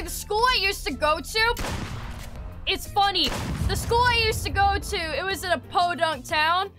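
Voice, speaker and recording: A young woman streaming a game, talking casually in an excitable, rambling way and swearing often. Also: extremely high pitch, unhurried, over music. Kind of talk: casual gaming commentary.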